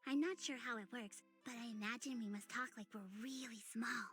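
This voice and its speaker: A woman voicing an odd, whimsical young woman hosting a tea party, rambling dreamily with sudden leaps in pitch. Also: a little fast, a bit bright, slightly rough, faint music behind.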